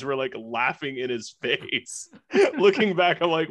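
A man's voice: mid-range voice, animated, measured pace, fairly bright tone. A man cohosting a podcast, joking and laughing a lot and swearing freely in casual chat.

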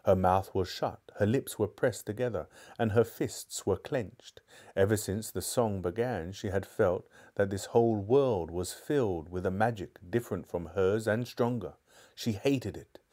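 A man with a low voice reads a children's classic aloud live, steady and measured. Between chapters he chats in a relaxed, easygoing way as a book club host. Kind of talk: live audiobook reading and casual chat.

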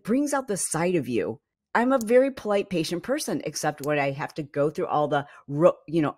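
A woman hosting a casual podcast monologue, ranting with animated exasperation and lots of fillers. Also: fairly low pitch. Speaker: podcast host.

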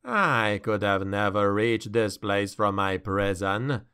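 A mocking ancient demon, deep and unhurried, savoring every cruel word, as a man acts him out. He drawls with heavy menace in a smooth, resonant tone. The gloating never lets up. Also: pushed and bright, exaggerated voice.

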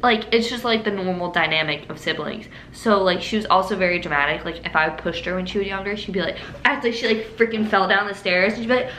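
A young woman with a bright, crisp voice tells a story from her childhood in a casual vlog. She chats along animatedly, laughing often and scattering filler words. The room sounds echoey, with a faint hiss underneath. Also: medium pitch, quick pace, hardly any pauses. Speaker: vlogger. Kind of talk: casual story-time monologue.

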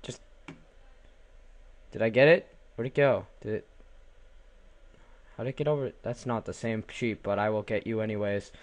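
Young man, goofy let's-play commentary, low-ish voice, keyboard clicks nearby. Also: moderate pace, pauses often. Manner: goofy, talks to the animals, repeats words in a silly chant. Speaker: gaming channel host.

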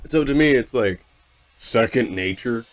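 A man from the United States giving casual, deadpan, sarcastic commentary over his gameplay, swearing freely and rambling with fillers and restarts. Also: medium pitch, a little slow, faint music behind. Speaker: gaming channel host.

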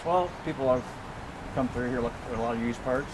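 A man who owns a small repair shop, answering in short, quiet replies. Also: medium pitch, fast talker. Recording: distant voice, loud background noise.

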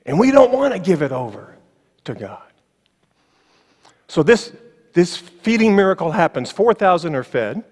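A man preaching a sermon as pastor, emphatic, slowing on key phrases, with ironic asides. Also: high voice, big pitch swings, a little mellow. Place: church sanctuary. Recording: long church reverb.

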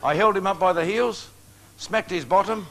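A man's voice: high-pitched, moderate pace, a bit bright, slight background noise. An older man, preaching a storytelling sermon in a folksy, joking way and chuckling at his own anecdotes.

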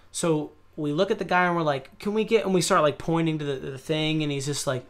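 A young man from the United States telling a story on a podcast, animated and loud, often breaking into laughter and yelling. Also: on the high side, brisk. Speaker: podcast host. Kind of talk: casual storytelling.

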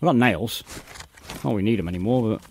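Playing a game on a live stream, this British man keeps up casual chat and welcomes viewers by name in between comments on the action. He speaks briskly in a lowish, darkish voice, with a little hiss or hum in the audio.

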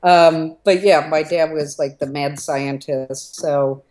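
A middle-aged woman from Southern California with a notably low voice shares stories from her life as an interview guest. She talks casually, animated, breaking into laughter between anecdotes. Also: takes it slowly, a little hiss or hum.

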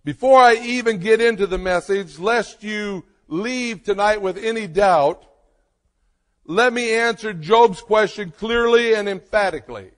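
Slow, high-voiced preaching man. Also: fairly bright tone, big-room sound. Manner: slow, emphatic preaching with dramatic pauses. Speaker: pastor. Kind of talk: sermon.

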